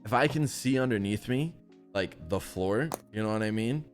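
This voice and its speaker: Slangy young man, low voice. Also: expressive, faint music behind. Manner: slangy and profane, reacting with quick interjections. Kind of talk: casual chat.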